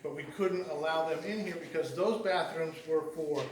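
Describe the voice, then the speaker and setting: A man's voice: fairly high pitch, moderate pace. Folksy man preaching in an echoey church. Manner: folksy, rambling, frequent restarts and repeated words. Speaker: lay preacher. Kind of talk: conversational sermon with storytelling. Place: church sanctuary. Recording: echoey church hall heard from a distance.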